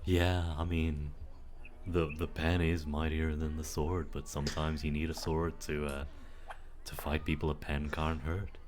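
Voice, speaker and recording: A man narrating and playing a tabletop game in a relaxed, rambling way. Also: extremely low pitch, a little slow.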